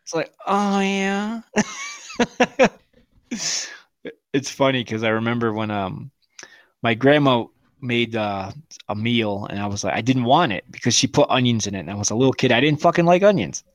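A man's voice: mid-range voice, brisk, dry recording. Laughing man in his forties, dry sound. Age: 40s. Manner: crude storytelling, laughs often. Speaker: podcast co-host. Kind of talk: casual chat.

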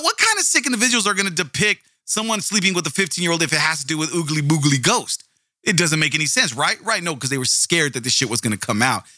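A man rants in a casual, profane commentary, his bright, edgy voice heavy with indignation and sarcasm. The sound is close and dry, with no room around it. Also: medium pitch, dry recording. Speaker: commentary video host.

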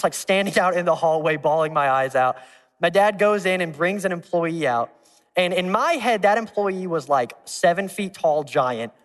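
A male pastor preaching a sermon, telling a personal story in a lively way, acting out voices and laughing along. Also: on the high side. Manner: animated, acts out voices, laughs at his own story. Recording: long reverb in a large hall.

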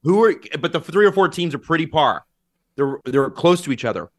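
A man hosting a casual chat while tasting hot sauce, whooping loudly at the heat, his nose running. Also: a little high, expressive, brisk. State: nose running from spicy food. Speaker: host.

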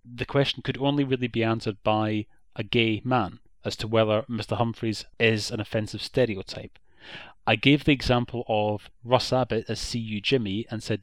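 A man's voice: fairly low pitch, fairly even intonation, a little fast, no room sound. Blunt Irish man reviewing on a podcast. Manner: blunt, opinionated critic. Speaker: podcast co-host.

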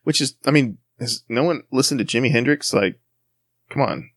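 A man's voice: medium pitch, moderate pace, a bit bright, no room sound, clean studio sound. A man co-hosting a podcast in casual chat, with wry, sarcastic humor. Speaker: podcast co-host.

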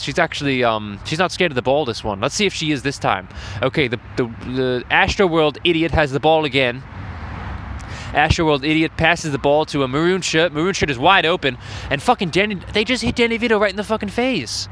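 Bright-voiced man ranting profanely. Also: on the high side, brisk, slight background noise. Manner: profane ranting, frequent swearing. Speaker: host. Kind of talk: crude running commentary. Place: outdoors at a lacrosse game.

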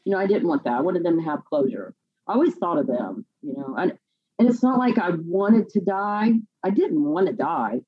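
A woman telling her own life story in a podcast interview, halting and repeating words as she fights back tears. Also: lowish voice, very animated, slightly rough, muffled recording. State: near tears. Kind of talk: emotional personal testimony.

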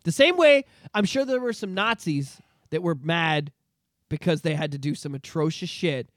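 A man's voice: fairly high pitch, expressive, normal speed, a bit bright, dry recording, clean studio sound. A young adult man from Canada, hosting a podcast and ranting in casual, profane political chat with lots of repetition. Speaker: podcast host.

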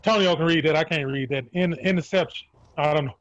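A man's voice: fairly high pitch, a little fast, a bit bright. A man in a group call, reading aloud and joking in a chatty way. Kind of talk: casual group chat. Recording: dull dry call audio.

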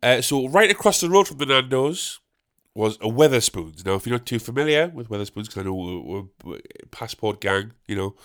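A man with a medium-pitched, sing-song, fairly bright voice talks briskly. He's a podcast host spinning a rambling comic story packed with swearing, posing questions to himself and then answering them.

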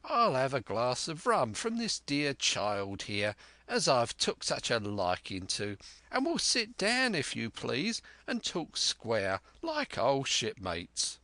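A man voicing a gruff scheming pirate who talks slowly with a wheedling menace. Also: mid-range voice, huge pitch swings, pushed and bright, dry recording, voice pushed up, full character voice.

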